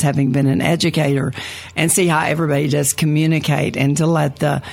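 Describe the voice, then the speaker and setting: An older woman, an educator, chatting and telling a story with animated quoted lines. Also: sits low, creaky. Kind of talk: conversational storytelling.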